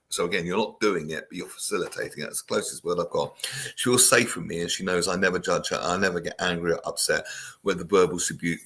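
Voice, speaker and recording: Man, chat show host, low-pitched, bright forceful tone, jokey, casual. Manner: jokey, chatty, reads listener comments aloud.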